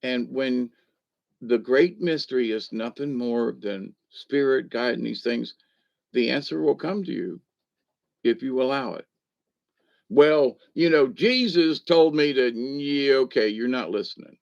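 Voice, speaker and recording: A man's voice: mid-range voice, vocal fry. An older man, talking casually as a spiritual teacher, rambling and folksy with many asides. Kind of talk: casual spoken talk. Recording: dull lo-fi recording.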